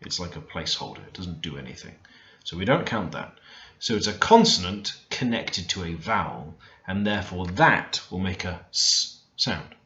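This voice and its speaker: A man teaching beginner vocabulary in a relaxed, thinking-aloud way, often stopping to correct himself. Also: sits low, normal speed. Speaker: language learner teaching Korean. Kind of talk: screen-recorded language lesson. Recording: roomy, dull lo-fi screen recording.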